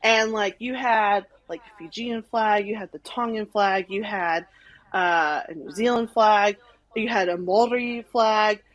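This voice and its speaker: A young woman from Arkansas, a podcast guest telling a story in animated casual chat, full of "like" and acted-out quotes. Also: medium pitch, unhurried, dull audio. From Arkansas, USA. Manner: animated, many "like"s, acts out quotes.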